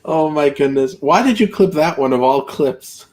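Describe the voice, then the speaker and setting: A man's voice: on the high side, animated, normal speed, darkish tone. A man co-hosting a casual movie podcast, laughing a lot and reading out viewer comments. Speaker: podcast co-host reading chat. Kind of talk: casual chat about movies.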